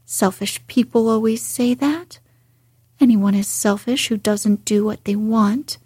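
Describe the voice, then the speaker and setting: A woman doing a fierce, breathy little girl. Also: on the high side, a little slow, darkish tone, dry recording, studio quality. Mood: defiant. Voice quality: breathy whisper. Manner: defiant, retorting. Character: fierce, obstinate young girl.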